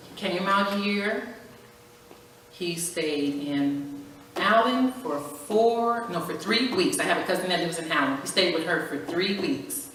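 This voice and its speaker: A middle-aged woman from California, a guest speaker at a women's church breakfast, giving an animated personal testimony. She acts out dialogue and laughs often as she tells her story, heard from a distance in a church hall. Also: on the low side, measured pace. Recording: echoey church hall from far off, faint background hiss.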